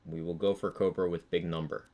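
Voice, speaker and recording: A man streaming a game live, chatting casually with viewers and musing aloud between pauses. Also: sits low, little pitch movement, dark tone. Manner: laid-back, musing aloud, answering chat between pauses.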